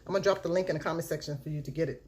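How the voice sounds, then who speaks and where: A woman's voice: sits low, a little mellow. Chatty woman giving a makeup tutorial. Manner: chatty, unhurried, chants a catchphrase. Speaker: beauty vlogger. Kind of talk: casual makeup tutorial talk.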